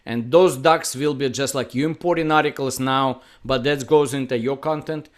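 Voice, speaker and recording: A man explaining his software product on a casual video call, halting and searching for words. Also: medium pitch, steady tone. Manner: halting, many fillers and restarts, non-native phrasing. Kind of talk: casual product demo chat.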